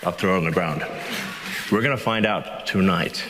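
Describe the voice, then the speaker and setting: Guy with a real deep voice stumbling thru a stage bit, echoey hall, noisy broadcast clip. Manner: halting, starts and restarts phrases. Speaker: guest on a live comedy show. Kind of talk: stage monologue. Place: television studio stage. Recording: live broadcast clip in a large reverberant hall with audible background noise.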